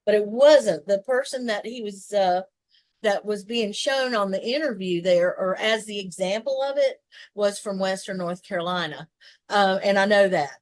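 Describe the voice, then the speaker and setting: Co-hosting a relaxed conversation, a Southern-accented American woman talks at normal speed in a mid-range voice, with no room sound. Her explanations run long and rambling, broken by restarts and side remarks.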